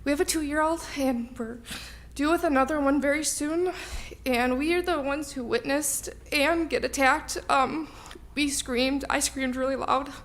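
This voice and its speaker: A young woman giving a public comment at a village meeting, emotional and halting, close to tears, with many ums. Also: sits high. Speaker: resident speaking at public comment.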